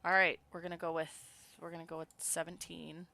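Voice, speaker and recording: A woman streaming a game, excitable and swearing freely, muttering card counts and reading the story text aloud. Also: deep voice, a little fast, gravelly.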